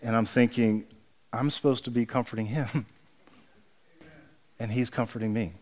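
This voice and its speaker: A pastor in his forties preaching a sermon, speaking hushed and halting through a painful memory, then rising and emphatic as he preaches. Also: medium pitch, fairly even intonation. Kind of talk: sermon with personal storytelling.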